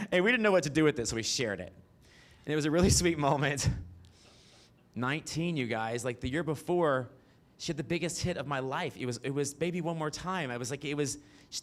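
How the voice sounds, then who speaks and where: A man in his forties from the American South, telling brash, profane stories on a theater stage with sudden high squeals. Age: 40s. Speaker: stand-up storyteller. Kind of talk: stand-up comedy storytelling.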